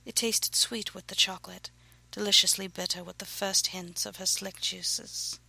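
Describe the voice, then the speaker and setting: A woman reading her own erotic novel aloud, narrating softly and breathily, often close to a whisper. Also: medium pitch, fairly even intonation, normal speed, creaky, breathy edge, low-quality recording.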